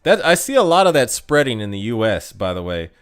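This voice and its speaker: An American man in casual live-stream chat, rambling from one thought to the next with plenty of "um"s and restarts. His pitch jumps around a lot in an animated way, and his voice sits at an ordinary middle height. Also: a little fast, smooth, soft background music. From United States. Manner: rambling and chatty, lots of fillers and restarts.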